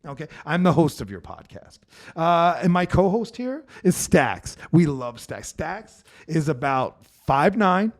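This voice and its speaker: A man's voice: on the high side, unhurried. A man from Brooklyn hosting a casual comedy podcast, talking in a loose, swearing, restart-heavy way. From Brooklyn, New York. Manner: animated, swears freely, frequent restarts. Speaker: podcast host.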